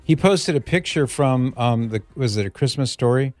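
A middle-aged man hosting a talk radio show, telling stories in a relaxed way with fillers, in a studio. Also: medium pitch, moderate pace, no echo, faint music behind. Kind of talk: casual talk radio chat. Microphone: studio microphone.

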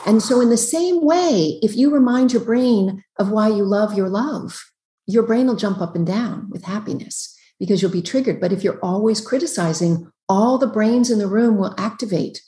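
Woman psychologist guest on a video call, emphatic explainer, mid pitch, echoey room. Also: mellow. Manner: emphatic, explanatory, talks in quick lists. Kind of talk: podcast interview giving advice. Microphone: computer on a video call.

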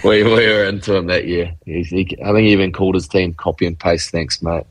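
A man's voice: deep voice, fairly even intonation, brisk, no echo. A man, a rugby player guest, talking easygoing and modest with frequent ums. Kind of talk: casual interview chat.

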